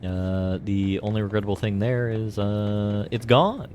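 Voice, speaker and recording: A man with a deep, low voice talks through a game on a live stream. He rambles loosely from one joke to the next and leans on filler words as he goes. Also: a little slow, a little mellow, a little hiss or hum. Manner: rambling and jokey, heavy on fillers. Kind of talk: casual live gameplay commentary.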